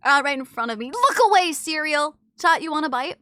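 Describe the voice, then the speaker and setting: A woman streamer chatting casually with her live chat while eating, animated, switching between loud exclamations and low asides, swearing freely. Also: brisk, no room sound.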